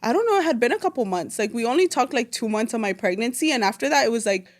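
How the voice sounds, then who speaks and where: A woman's voice: a little high, animated, fast. A woman in her twenties from El Salvador, telling her story casually as a podcast guest, with frequent fillers and switches between English and Spanish.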